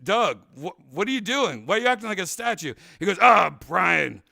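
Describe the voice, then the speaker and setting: A man hosting a laid-back talk show, rambling through a long story and shouting out the lines he quotes. His voice sits fairly high and swings up and down a lot, with a gravelly edge. The sound is bright, close and dry. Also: a little fast, no room sound. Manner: rambling, animated, acts out quotes loudly. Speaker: podcast host. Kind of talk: casual storytelling chat.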